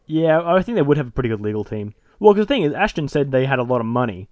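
A man's voice: mid-range voice, very animated, fast talker, darkish tone, no room sound, dull audio. A man co-hosting a podcast, retelling stories and acting out the voices with laughs. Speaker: podcast co-host. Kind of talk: casual chat.

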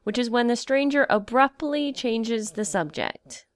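A woman co-hosting a podcast, chatting and reacting in a relaxed way. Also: a little high, measured pace, dry recording. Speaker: podcast co-host. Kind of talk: casual chat.

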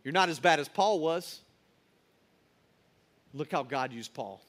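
A man's voice: on the high side, lively intonation, unhurried, fairly bright tone. A man preaching a sermon in a colloquial, emphatic storytelling manner.

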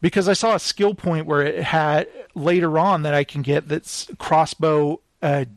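A man's voice: a little high, fairly even intonation, measured pace, slight background noise. A man hosting a casual podcast chat, talking in an amused, rambling way with lots of "like". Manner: chatty and amused, full of filler "like". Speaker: podcast host.

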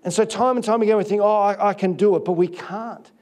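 A man's voice: sits high, steady tone, fast talker, a little mellow. A middle-aged man, a guest pastor giving a sermon, telling confessional stories with many restarts.

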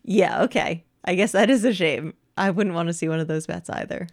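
A woman's voice: fairly low pitch, fairly quick. A woman co-hosting a casual podcast chat about a movie, wry and skeptical with dry quips. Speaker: podcast co-host.

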